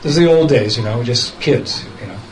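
A man's voice: mid-range voice, a little fast, slight background noise, poor audio. Man chuckling through a story. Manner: chuckles often while telling, quotes others directly. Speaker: devotee recounting a memory. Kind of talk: casual storytelling talk.

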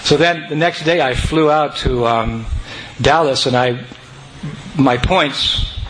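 A man telling a personal devotional story to an audience, animated and breaking into chanting and joyful shouts. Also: mid-range voice, slow. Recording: noisy recording.

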